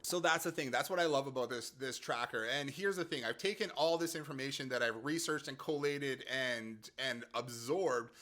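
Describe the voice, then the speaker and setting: A man talks through a casual explainer in a chatty, easygoing way. He laughs often and restarts his phrases as he goes. His voice is bright and forceful and sits at an ordinary pitch. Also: moderate pace, hardly any pauses. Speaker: app creator and host.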